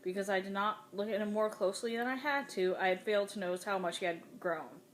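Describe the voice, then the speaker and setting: A woman reads a dark novel aloud in the first person, her voice sitting at a middle pitch. Her delivery is dramatic and expressive, with a faint hiss of noise behind it. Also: quick pace. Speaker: audiobook reader.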